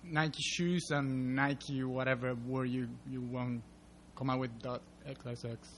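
Male audience member, flat monotone, hesitant, slight room noise. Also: medium pitch, slow. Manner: hesitant, many uh fillers, loose grammar. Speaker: consultant in the audience. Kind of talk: asking questions at a public meeting.

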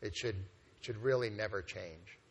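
An organization executive with a lowish voice gives a conference presentation of his plan in a meeting hall. He speaks at a moderate pace, conversationally, with many fillers and restarts, and slight background noise is present.

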